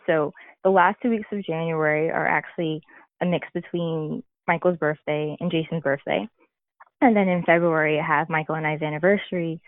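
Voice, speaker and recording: A woman's voice: deep voice, no room sound. A woman speaking candidly and reflectively as a podcast guest, telling a personal story with occasional laughter. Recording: tinny phone-like line.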